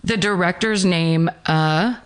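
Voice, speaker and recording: A woman's voice: lowish voice, smooth. A woman co-hosting a podcast in casual chat, rambling a little and laughing often. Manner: chatty, rambling, quick to laugh. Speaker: podcast co-host.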